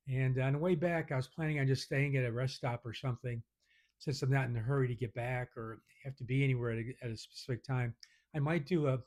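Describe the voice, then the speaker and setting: A man's voice: medium pitch, a little mellow. Rambling man vlogging. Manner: rambling, many fillers and restarts. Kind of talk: casual chat.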